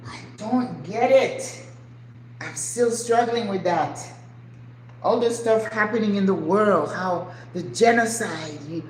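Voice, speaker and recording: An older woman with a medium-pitched, slightly mellow voice hosts her channel while cooking in her home kitchen. Her casual chat is earnest and emotional, sprinkled with rhetorical questions. The room is echoey, with faint ambient noise.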